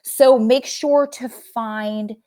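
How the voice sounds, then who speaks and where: A woman's voice: a little high, fairly even intonation, drawn-out words, warm tone. A young woman hosting a casual livestream chat, chatty and rambling, sometimes losing her train of thought. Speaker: livestream host.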